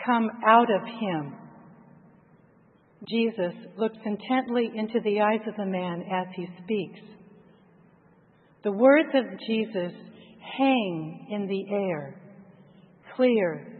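A woman narrating a first-person guided meditation in a slow, reflective, hushed way. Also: mid-range voice. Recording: tinny phone-like sound with long reverb.

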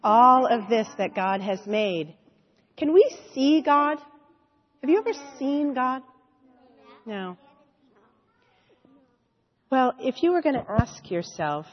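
Lady doing a kids' sermon in church, slow and lively, sound dull and echoey. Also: a little high. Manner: animated, asks children questions. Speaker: children's sermon leader. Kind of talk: children's sermon with storybook reading.

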